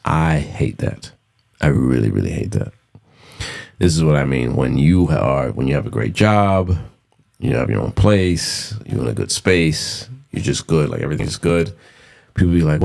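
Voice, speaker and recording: A man's voice: sits low, lively intonation, normal speed, vocal fry, darkish tone. A man in his thirties hosting a casual solo podcast, blunt and profane, repeating himself for emphasis. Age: 30s. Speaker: podcast host.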